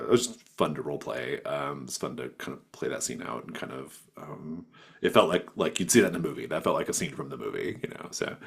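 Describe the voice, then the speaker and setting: Deep, husky man as game master, casual rambling praise for his players. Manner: enthusiastic, rambling, with fillers. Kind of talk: casual wrap-up chat.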